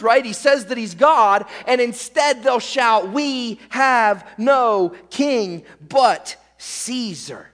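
A man delivers an emphatic expository sermon in a notably high voice, punctuating his points with rhetorical "right?" checks. His words ring out with a long reverb, as in a large hall. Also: fairly bright tone. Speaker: pastor.

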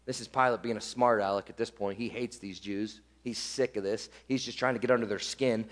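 A man's voice: medium pitch, moderate pace, a bit bright, long reverb tail. A man preaching an expository sermon, emphatic and full of rhetorical "right?" asides. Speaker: pastor.

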